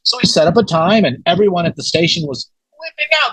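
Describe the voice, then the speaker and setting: A man with a husky, slightly breathy voice tells a story as a podcast guest. He talks casually and animatedly, acting out what others said, with plenty of fillers. The sound is dry and close to the mic. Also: a little high, fast, hardly any pauses, no room sound, low-quality recording. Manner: animated retelling with quoted voices, many fillers.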